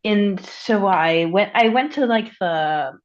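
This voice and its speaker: During a relaxed tutoring call, a teen girl slowly works through a math question with her tutor. Her medium-pitched voice sounds congested, she hesitates and says "like" constantly, and the audio lacks its highs.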